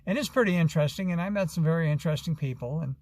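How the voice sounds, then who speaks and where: A man's voice: on the high side, rapid-fire, darkish tone, dry recording. A man from Arizona, telling a long, rambling story with many fillers and restarts in a casual vlog. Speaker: vlogger.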